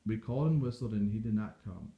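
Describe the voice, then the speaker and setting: Man reading a novel aloud, low mellow voice, steady pace, echoey room. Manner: steady, measured storytelling. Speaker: audiobook reader. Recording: dull echoey home recording.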